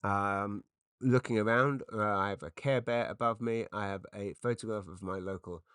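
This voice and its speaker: A middle-aged English man hosting a podcast, telling rambling comic stories with quick asides and restarts. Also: fairly low pitch, fairly even intonation, a bit bright, clear, resonant tone, no echo, clean studio sound. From England. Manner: chatty, self-interrupting, quick asides. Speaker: podcast host. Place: makeshift home studio padded with cushions.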